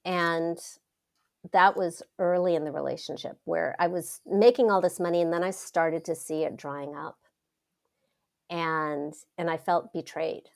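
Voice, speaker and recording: A middle-aged woman, a wealth coach, telling stories in a casual interview with dramatic, expressive delivery. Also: on the low side, unhurried, creaky. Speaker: wealth coach, podcast guest.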